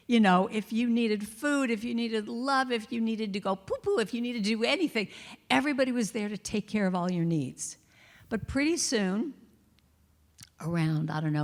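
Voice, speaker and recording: A woman's voice: mid-range voice, lively intonation, moderate pace, darkish tone, long reverb tail. A woman giving a chatty, playful inspirational talk at a spiritual center, laughing now and then. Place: church hall.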